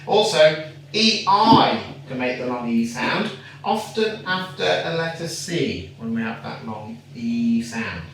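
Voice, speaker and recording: A teacher slowly sounds out words and praises a young learner in a home phonics lesson. The voice sits back from the mic in a strongly echoing room. A faint hiss of noise runs underneath. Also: mid-range voice, expressive, gravelly, a bit bright, far from the mic.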